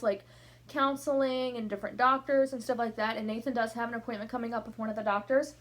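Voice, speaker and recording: A young woman chatting to camera from her room at night, a little out of breath, rambling from topic to topic. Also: on the high side. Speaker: vlogger. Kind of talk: casual chat to camera. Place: bedroom at home, at night.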